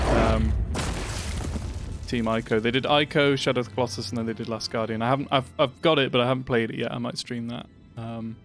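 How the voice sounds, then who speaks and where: Give me a chatty man commentating his gameplay over loud game music. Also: medium pitch. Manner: chatty, rambling, easily sidetracked. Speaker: streamer.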